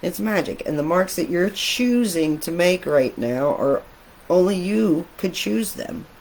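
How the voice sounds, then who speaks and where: Slow, gentle middle-aged woman. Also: on the low side, animated, slight background noise, poor audio. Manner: gentle, reflective, with soft laughs. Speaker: artist. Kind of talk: casual talk while showing sketches.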